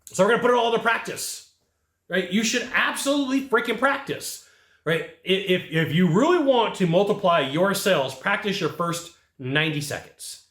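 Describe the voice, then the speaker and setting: A middle-aged HVAC sales trainer coaches sales staff to camera in an echoey room, speaking emphatically in punchy bursts and often tagging points with "right?". His high-pitched, fairly bright voice swings widely in pitch at a moderate pace.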